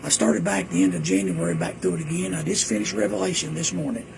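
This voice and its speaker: Older preacher, gravelly, lively pitch, rambling folksy storyteller at home. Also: male voice, fast talker, noisy background. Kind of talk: casual reminiscing monologue. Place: indoors at home.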